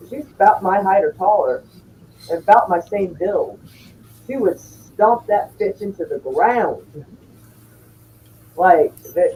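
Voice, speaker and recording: A woman's voice: medium pitch, dark tone, far from the mic, slight background noise, rough recording. Blunt, profane woman telling a story. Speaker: streamer chatting with viewers. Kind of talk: casual chat.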